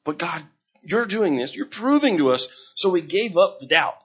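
Casting: husky man, earnest and halting, giving a heartfelt testimony on a dull lo-fi recording. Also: sits high, sing-song, a bit bright. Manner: earnest, halting, repeats words when moved. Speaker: missionary sharing his testimony. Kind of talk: emotional personal testimony to a gathering. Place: room before a gathered audience.

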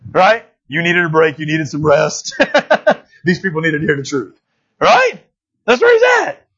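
A male pastor preaching a sermon in a church, animated and conversational, often checking in with "right?". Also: on the high side, measured pace, long pauses, slightly rough, lo-fi sound.

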